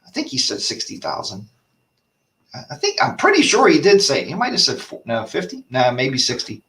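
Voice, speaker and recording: A man's voice: medium pitch, wildly swooping pitch, moderate pace, creaky, a bit bright, recorded from a distance. A man hosting a casual live-stream chat, rambling and ranting while reading viewer comments aloud. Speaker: host of a motorcycle chat show.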